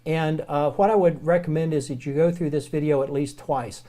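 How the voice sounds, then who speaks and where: A man with a Southern American accent teaching the Greek alphabet in a relaxed, folksy recorded lecture, slowing down to spell out words. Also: fairly high pitch.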